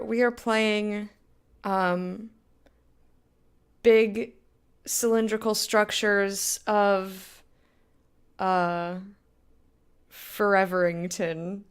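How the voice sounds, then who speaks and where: A woman's voice: medium pitch, clear, resonant tone. A young woman chatting casually with her stream viewers while gaming, rambling, laughing often and going off on tangents. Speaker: game streamer.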